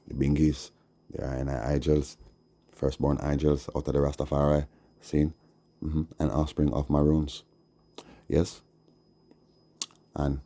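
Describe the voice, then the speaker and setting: Very deep-voiced Jamaican man preaching. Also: mellow. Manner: slow, preachy, repeats "see?" and "yeah?". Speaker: Rastafari livestreamer. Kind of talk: rambling livestream preaching.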